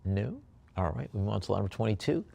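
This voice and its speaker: A man working as an auctioneer, describing lots in a rambling way with many fillers and then calling bids briskly. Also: fairly low pitch, expressive, gravelly, mellow.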